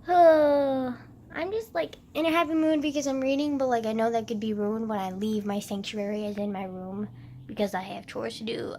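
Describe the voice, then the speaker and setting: Young woman vlogger, high voice, rambling and self-mocking, close phone mic. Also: slight background noise. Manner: rambling, self-mocking, swears often, fillers everywhere. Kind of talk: rambling casual monologue.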